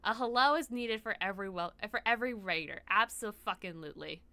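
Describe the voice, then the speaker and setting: A woman streaming from home, chatting casually while she plays a game, excitable, laughing often and swearing freely. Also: medium pitch, fairly quick, no echo. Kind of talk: casual live-stream chat while gaming.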